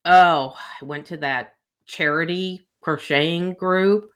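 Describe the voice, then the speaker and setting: An older woman chatting casually and telling stories, bluntly and with swearing, acting out the people she quotes. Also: takes it slowly. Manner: animated, acts out quoted people with big pitch jumps, blunt and profane. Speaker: storyteller in a casual chat. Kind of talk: casual chat, telling anecdotes.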